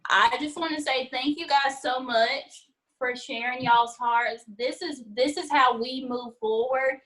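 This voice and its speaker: A woman's voice: high voice, fairly even intonation, measured pace, fairly bright tone, low-quality recording. A woman co-hosting a call, giving sincere, thoughtful closing remarks and saying "like" a lot.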